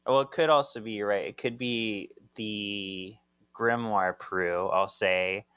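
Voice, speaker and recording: A man's voice: fairly low pitch, steady tone, slow, a bit bright, clean tone, dry recording. A man co-hosting a podcast, telling the story of a comic casually and laughing along. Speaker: podcast co-host. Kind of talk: casual chat recapping a comic.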